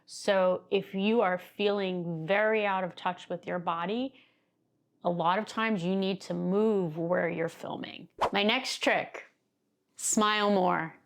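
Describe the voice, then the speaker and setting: A woman's voice: mid-range voice, fairly even intonation, takes it slowly. A woman coaching video creators in a casual, conversational talk to camera, laughing easily as she explains. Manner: conversational, laughs easily, gestures while talking. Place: seated indoors, filming herself.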